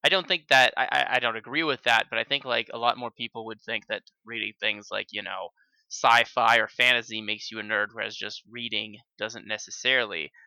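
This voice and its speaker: A male podcast co-host thinks aloud, stopping and restarting often. His voice is very bright and gravelly yet smooth, and the sound is dry, recorded remotely from home. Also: on the low side, steady tone, a little fast, dry recording, rough recording. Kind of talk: casual podcast chat.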